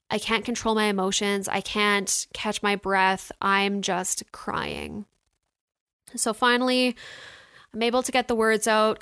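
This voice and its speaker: A young woman vlogs about her week, telling stories to viewers loosely and chattily with lots of "like" and "you know." Her mid-range voice is smooth, clean, and a bit bright, recorded close and dry with no echo. She sounds emotional, and her throat is getting slightly sore.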